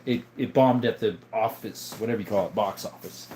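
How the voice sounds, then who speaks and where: A man's voice: lowish voice, heavy background noise. A man hosting a casual livestream, chatting loosely, joking and reading chat messages aloud. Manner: rambling, jokey, reads chat aloud. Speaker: livestream host.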